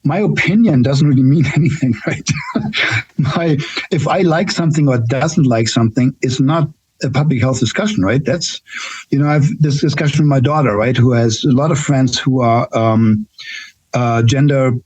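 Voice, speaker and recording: German-accented man, 60s, husky and dry; candid nurse guest swapping stories. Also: medium pitch, moderate pace, a little mellow, no room sound, poor audio. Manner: candid, storytelling with frequent "right?" tags. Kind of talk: casual interview chat.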